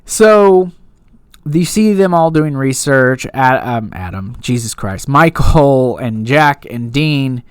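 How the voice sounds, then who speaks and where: A man's voice: mid-range voice, expressive, slow, clean tone, dry recording, studio quality. Chatty man recapping a TV episode. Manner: chatty, rambling, full of fillers. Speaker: TV episode reviewer. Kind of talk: casual recap and review.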